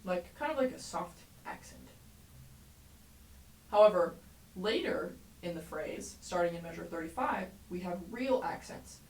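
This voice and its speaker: A woman teaching a trumpet lesson, explaining clearly and encouragingly, sometimes singing rhythms aloud. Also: fairly low pitch, expressive, measured pace, darkish tone. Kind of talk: music lesson tutorial. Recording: roomy echo, mic at a distance, faint background noise.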